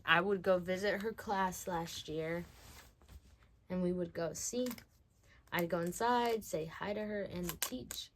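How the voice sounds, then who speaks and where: A woman's voice: fairly low pitch, a bit bright, slight background noise. A teenage girl casually telling a story on her vlog in a chatty, slangy way. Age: teens. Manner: chatty, slangy, drawn-out delivery. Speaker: vlogger.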